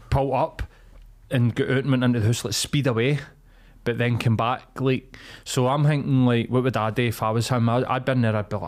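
A young Scottish man telling a story on a casual podcast. He swears freely and slips into little voices for the people in the tale, in an animated, chatty way. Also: mid-range voice. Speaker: podcast co-host. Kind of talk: casual chat.

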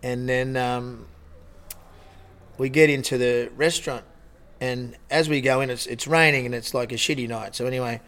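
A man's voice: mid-range voice, fairly even intonation, normal speed, a bit bright. A man with an Australian accent, a lifeguard guest telling a long anecdote in casual chat, often restarting his sentences. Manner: rambling, with many restarts and laughs. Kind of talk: casual storytelling.

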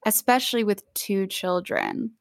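A woman co-host talks eagerly about a book and a film version of it. She throws herself into the quoted lines as she tells the story. The sound is dry and close, and her pitch sits in the middle. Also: wildly swooping pitch, a little slow, gravelly, no echo. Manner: enthusiastic, acts out quoted lines. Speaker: podcast co-host. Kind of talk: casual book discussion.

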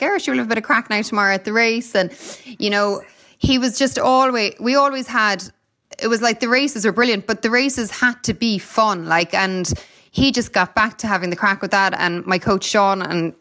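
A woman in her thirties from Ireland, a retired runner, speaks with an Irish accent in a medium-pitched, slightly bright voice. Appearing as a guest in a casual interview chat, she's chatty, tells stories, laughs often and uses many fillers.

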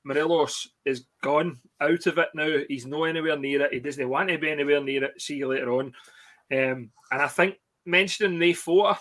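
A man's voice: fairly high pitch, normal speed, fairly bright tone. A Scottish man hosting a casual football podcast over a video call, blunt and jokey. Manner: jokey, laughs often, blunt. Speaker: podcast host.

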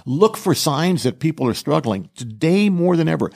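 A man's voice: fairly high pitch, expressive, normal speed, creaky, a little mellow. An older man, a ministry speaker, talking earnestly and with emphasis in a casual podcast chat.

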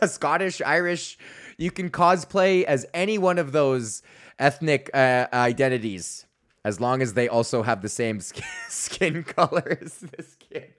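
A man's voice: mid-range voice, a little slow, fairly bright tone. Rambling, profane man in his thirties. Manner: rambling, profane, laughing asides. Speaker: podcast host. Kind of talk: casual monologue.

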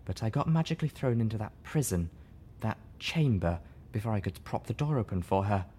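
A gentle mare from an audiobook, sorrowful and quiet, as a man reads her. Her voice sits only slightly above his own, hushed and morose. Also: on the low side, sing-song, a little fast, slight background noise. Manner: soft, morose.

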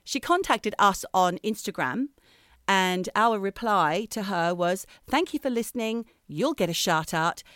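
A woman's voice: mid-range voice, lively intonation, measured pace, fairly bright tone, no echo, studio quality. A middle-aged woman co-hosting a podcast, chatting casually with a playful, teasing manner. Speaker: podcast co-host. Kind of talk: casual chat.

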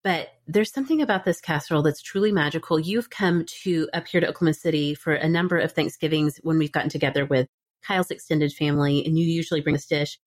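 Chatty woman podcast host, low voice. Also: fast talker. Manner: chatty, laughs often. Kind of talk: casual chat.

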